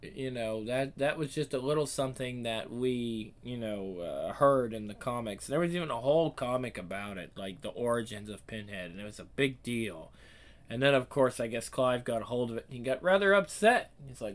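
A man's voice: mid-range voice, animated, normal speed. A man reading comics aloud and breaking off for rambling, enthusiastic fan commentary full of fillers. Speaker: reader and commentator.

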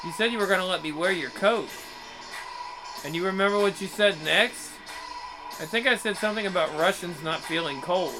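A man reading game dialogue aloud in a wry, bemused, low-key way. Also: normal speed, over music. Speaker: game player.

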